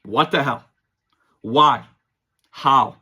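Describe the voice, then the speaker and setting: A man's voice: mid-range voice, drawn-out words, sharp tone, breathy edge. A young man hosting a casual sports show, firing off exasperated rhetorical questions as he breaks down a loss. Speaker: sports podcast host.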